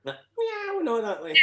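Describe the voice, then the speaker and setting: Animated Scottish man telling stories. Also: on the high side, roomy sound. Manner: animated storyteller, laughs often, swears freely. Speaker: podcast guest. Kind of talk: casual chat.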